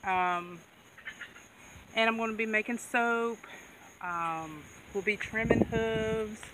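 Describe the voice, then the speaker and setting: Slow and on the high side, a woman's voice carries through a distant outdoor mic with background noise. She's a goat farmer vlogger chatting casually, laughing often and coaxing her animals.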